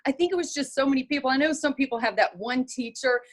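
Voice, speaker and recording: A middle-aged woman with a Southern US accent, her voice sitting a little high for a woman. She is a guest on an interview show, recounting her television career in an animated way and slipping into the voices of the people she quotes. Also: fast talker. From North Carolina. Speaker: guest, television writer and presenter. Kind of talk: casual interview storytelling.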